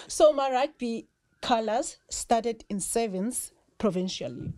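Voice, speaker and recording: A South African woman, a rugby player guesting on a podcast, telling lively stories and often breaking into laughter. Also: a little high, a little slow, slight background noise. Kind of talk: casual storytelling chat.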